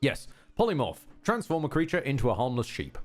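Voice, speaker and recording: A man's voice: mid-range voice, wildly swooping pitch. Wry man chatting over gameplay. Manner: wry, joking, quick asides. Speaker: streamer playing a video game. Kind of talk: casual gameplay chat.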